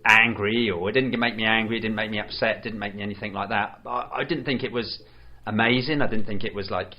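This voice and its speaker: A man's voice: on the low side, fairly even intonation, fast, dull audio. Rambling, hesitant man reviewing a film. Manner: hesitant, rambling, many ums. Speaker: podcast co-host. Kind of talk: casual film review chat.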